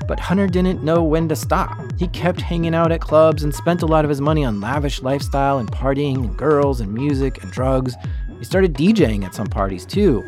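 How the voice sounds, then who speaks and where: A male podcast host reading scripted narration in a calm, even storytelling manner. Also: mid-range voice. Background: background music.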